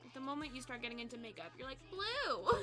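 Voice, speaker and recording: A woman in her twenties chatting casually with her live chat as a streamer, swearing, laughing often and saying "like" a lot, with a quiet song playing behind her. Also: fairly high pitch, rapid-fire, over music. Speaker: livestreamer. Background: quiet pop song playing.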